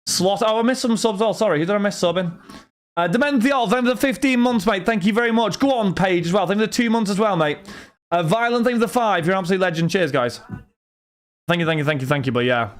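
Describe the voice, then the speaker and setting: A man's voice: sits high, fast talker. A young man, chatting casually to his livestream viewers, venting in a rambling, exasperated way. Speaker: livestream host.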